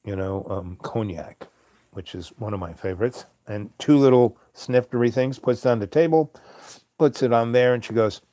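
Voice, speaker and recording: A man rambles through a late-night story, hesitant and full of fillers and soft chuckles. His voice is mellow and warm, recorded dry and close with no room sound. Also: medium pitch, normal speed, no room sound. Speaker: host.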